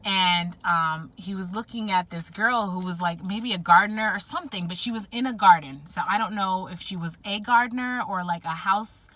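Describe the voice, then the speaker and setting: A woman doing a casual tarot reading with a bright, clear voice. She rambles, circling back with fillers and restarts as visions come to her. Her pitch sits in an ordinary middle range. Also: normal speed, few pauses. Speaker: tarot reader.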